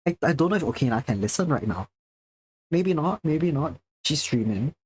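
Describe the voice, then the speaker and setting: Answering chat while he draws on a livestream, a young Singaporean man with a Singaporean accent sounds slightly high, animated, and a little mellow at normal speed. He projects like a presenter and enunciates carefully, with a little hiss or hum behind him.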